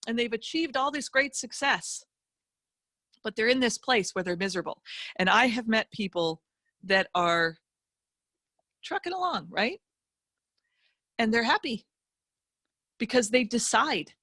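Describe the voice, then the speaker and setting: A woman's voice: fairly high pitch, a little slow, long pauses, no echo, studio quality. Emphatic woman telling a motivational story. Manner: emphatic, animated storytelling with vivid asides. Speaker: guest speaker, financial educator.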